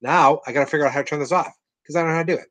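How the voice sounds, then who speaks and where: A man's voice: fairly high pitch, very fast, a bit bright, no echo, low-quality recording. A man hosting a live podcast stream from home, rambling casually and joking about being a bit tipsy. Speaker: podcast host. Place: at home with family.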